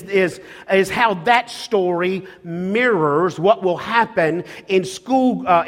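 High-voiced preacher in an echoing hall. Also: male voice, a bit bright. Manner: emphatic, repetitive preaching with restarts. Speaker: pastor. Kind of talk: sermon. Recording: long reverb of a large hall.

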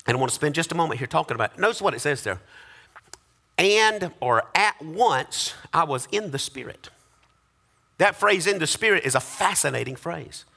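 Man, pastor, sermon, sing-song preacher cadence, bright gravelly voice. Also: fairly high pitch, expressive, normal speed.

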